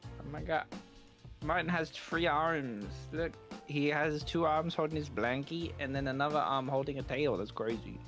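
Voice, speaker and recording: A man streaming a game and chatting with friends, animated and quick to swear. His talk swings between jokes and put-on voices. Faint music plays underneath. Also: on the high side. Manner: animated, swears freely, puts on joking voices. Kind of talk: casual gaming stream chat.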